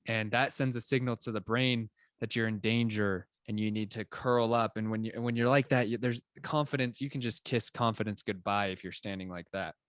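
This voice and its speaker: A young adult man co-hosting a podcast, explaining ideas in an animated, casual way with plenty of filler words. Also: on the low side, moderate pace, few pauses, dry recording, studio quality. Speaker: podcast co-host. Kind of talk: casual conversational chat.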